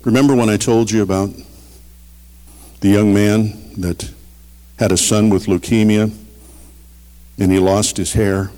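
A middle-aged man preaching a sermon, earnest and storytelling, swinging between loud emphasis and quiet. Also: on the low side, fairly even intonation, measured pace, long pauses. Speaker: pastor. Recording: long reverb of a large hall.

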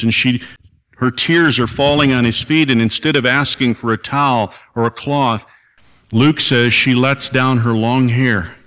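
Low-voiced pastor man preaching, gets loud then quiet, long echo from the church hall. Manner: impassioned preaching, rising and falling, acts out quoted voices. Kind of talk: sermon. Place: church sanctuary.

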